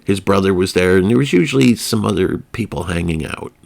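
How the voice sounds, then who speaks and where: A young man telling a casual storytime anecdote in a rambling, animated way, with side remarks and comic exaggeration. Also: low-pitched, fairly quick, gravelly.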